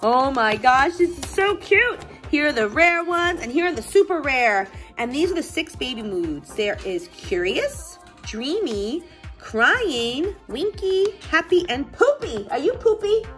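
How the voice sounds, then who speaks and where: Woman toy vlogger, gushing unboxing at home, bouncy sing-song delivery over quiet music. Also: high-pitched, unhurried. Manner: gushing, gasping with excitement. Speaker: toy collector and parent blogger. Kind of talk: casual toy unboxing chat.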